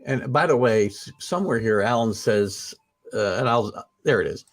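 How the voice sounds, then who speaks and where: A man's voice: on the low side, moderate pace, over a noisy crowd. A man hosting a casual sports talk show, opinionated and rambling, with lots of fillers and restarts.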